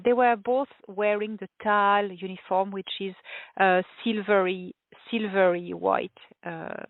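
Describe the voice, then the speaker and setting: A woman's voice: medium pitch, dry recording. A woman guest recounts her story over a remote call, stumbling through restarts and fillers, often breaking into laughs. Her voice comes through a narrow, tinny, phone-like line. The sound is dry and close, with no room around it. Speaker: interview guest. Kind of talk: casual storytelling interview.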